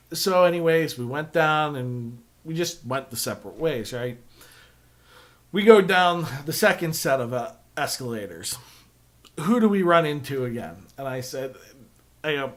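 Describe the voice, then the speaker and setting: A man chats through a loose podcast monologue. His voice sits a little higher than most men's and has a bright, forceful edge. He wanders through his stories with constant fillers and easy swearing. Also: lively intonation, a little slow. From Western Pennsylvania. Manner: rambling, lots of fillers and swearing. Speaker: podcast host. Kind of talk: casual storytelling monologue.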